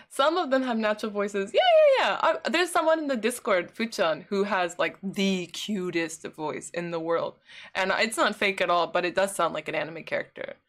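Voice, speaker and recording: A woman's voice: mid-range voice, moderate pace, fairly bright tone. A woman livestreaming from home, casually chatting and answering viewer messages, laughing often.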